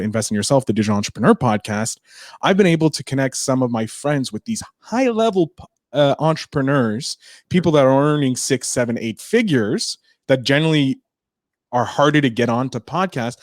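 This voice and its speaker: A man being interviewed about podcasting, talking fast and animated with lots of restarts. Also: medium pitch, no room sound, clean studio sound. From Canada. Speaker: podcaster guest. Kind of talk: casual interview chat.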